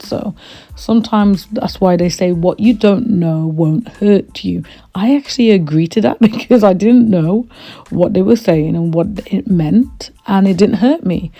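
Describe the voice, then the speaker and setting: Woman, podcast host, candid storytelling, gravelly, dark tone. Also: medium pitch. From Trinidad.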